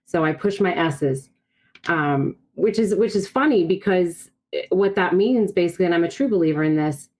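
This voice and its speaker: Podcast guest: woman from Brazil, native Portuguese speaker, lowish voice, candid and reflective, on a video call. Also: normal speed, darkish tone, low-quality recording. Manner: candid, reflective personal storytelling. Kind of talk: casual podcast conversation.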